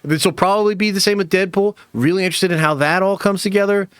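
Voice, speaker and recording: A man's voice: high-pitched, quick pace, smooth, no room sound, clean studio sound. A man hosting a movie news channel, giving casual, profane opinion commentary with lots of fillers.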